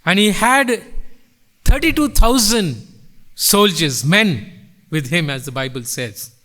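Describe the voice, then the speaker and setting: A middle-aged man preaching a sermon in church, with sweeping swells and drops in pitch and loudness. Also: expressive, takes it slowly. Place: church sanctuary.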